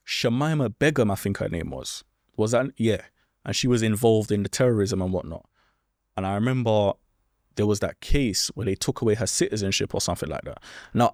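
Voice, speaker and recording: A man's voice: medium pitch, a little mellow, no room sound, studio quality. A man, hosting a solo advice podcast in a blunt, lecturing way and keeping on asking his listeners whether they understand. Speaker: podcast host.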